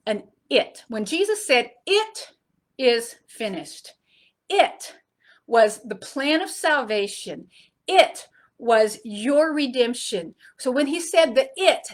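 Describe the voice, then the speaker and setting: A middle-aged woman teaching a Bible study in an earnest preaching style, rising to emphasis and dropping soft and low.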